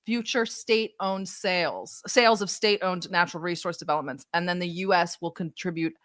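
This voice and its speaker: A woman's voice: on the low side, steady tone, moderate pace, fairly bright tone, no echo, clean studio sound. A woman hosting a political livestream, explaining a deal in a wry, casual way and laughing at her own remarks. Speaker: livestream news host.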